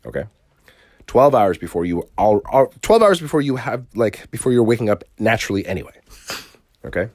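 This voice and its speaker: A man with a lowish voice hosts a solo podcast and talks casually. His pitch swings widely as he rambles and swears, and he often stops to restart a sentence. Faint guitar plays behind him. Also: lively intonation, brisk, a little mellow, dry recording, studio quality. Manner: rambling and profane, with frequent restarts. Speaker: podcast host.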